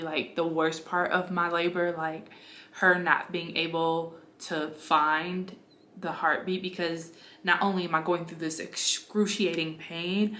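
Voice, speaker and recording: A young woman, casually telling her own story to the camera and acting out her past cries in a high voice. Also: a bit bright, roomy sound. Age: young adult.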